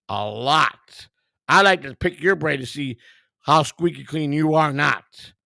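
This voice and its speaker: Gravelly, combative man answering viewer comments. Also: a little high, fairly bright tone, no echo, studio quality. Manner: combative, profane, talks back to viewers. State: tired. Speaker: livestream host. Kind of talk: live-stream chat reading viewer comments.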